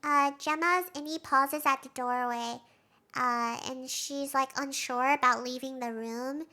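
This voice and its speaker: A woman streamer casually recapping a show, excitable, laughing often and saying "like" a lot. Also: high voice, a little slow.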